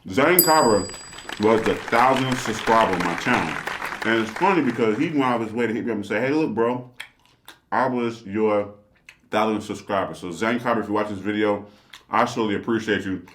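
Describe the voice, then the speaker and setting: Low-voiced man chatting in a roomy echo. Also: fast talker, a bit bright, slight background noise. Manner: talks while eating, chatty and upbeat. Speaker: channel host. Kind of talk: casual vlog talk to viewers.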